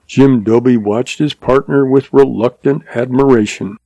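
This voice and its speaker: A man narrating a story in an even, measured reading. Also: medium pitch, no room sound.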